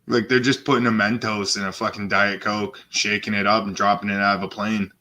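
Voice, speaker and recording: A man's voice: on the low side, level tone, a little fast, bright, forceful tone. A man hosting a live stream, chatting casually in a rambling way and swearing a lot. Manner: rambling, swears a lot, slips into mock voices. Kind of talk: casual profane stream chat.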